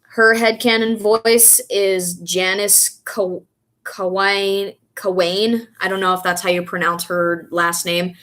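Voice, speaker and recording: A woman's voice: mid-range voice, little pitch movement, slow pace, a bit bright. A young woman vlogging in a casual, rambling way, stopping now and then to recall names. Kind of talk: casual chat reading and answering comments.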